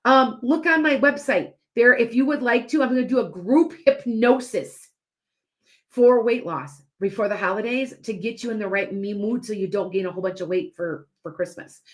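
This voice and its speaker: A woman's voice: a little high, normal speed. A woman hosting a live stream as a psychic and hypnotist, chatting to viewers in a rambling way with lots of restarts and asides.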